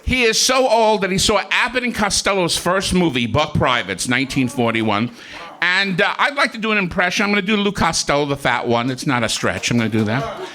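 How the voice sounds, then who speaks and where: A man's voice: sits high, big pitch swings, a little fast, a crowd in the background. A man doing a stand-up comedy set on a comedy club stage, telling self-mocking jokes and chuckling through his punchlines.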